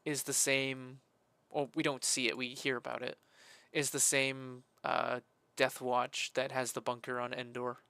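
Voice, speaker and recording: A man talking casually while he builds a game map, rambling with many fillers and breaking into loud, sweary frustration. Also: mid-range voice, little pitch movement, measured pace, vocal fry, clear, resonant tone, no echo. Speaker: modding streamer.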